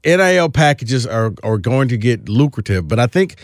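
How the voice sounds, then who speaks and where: A man's voice: mid-range voice, sing-song, moderate pace, dry recording, studio quality. Opinionated man talking college football. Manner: opinionated, emphatic, restarts phrases. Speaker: sports podcast co-host. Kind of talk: casual sports talk.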